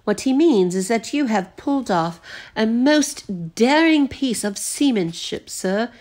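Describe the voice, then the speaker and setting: A woman's voice: on the high side, lively intonation, measured pace, darkish tone, pitched above the performer's own voice. Polite English butler in a storybook read-aloud, voiced by a woman, formal and precise. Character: polite English male butler, calm and clever.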